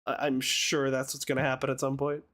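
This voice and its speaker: A woman's voice: rumbling low, little pitch movement, a little fast, a little hiss or hum. A woman streamer giving casual, laughing, profane commentary while playing a story game.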